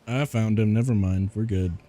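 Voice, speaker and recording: A man's voice: lowish voice, measured pace, dark tone. A man giving casual gameplay commentary as a VTuber, rambling and laughing often at himself.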